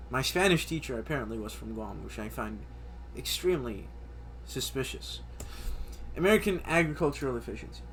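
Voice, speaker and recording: A twentysomething male vlogger runs through a list of things he loves in casual, chatty commentary. His medium-pitched voice sounds pushed and bright, and his enthusiasm makes him stumble over repeated words.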